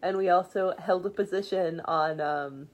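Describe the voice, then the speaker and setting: A woman's voice: fairly low pitch, normal speed. A young woman co-hosting a podcast, easygoing and teasing in casual chat, often restarting her sentences. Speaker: podcast co-host.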